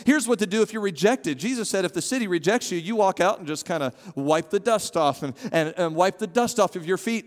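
A man preaching a sermon as pastor, animated and calling on his congregation to respond. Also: sits high. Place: church sanctuary. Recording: long hall reverb.

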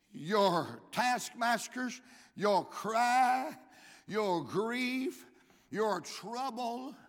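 Southern preacher from Georgia, man, bright high voice, comic stories rising to shouts, big hall reverb. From Georgia, USA. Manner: humorous storytelling building to shouted climaxes. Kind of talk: sermon.

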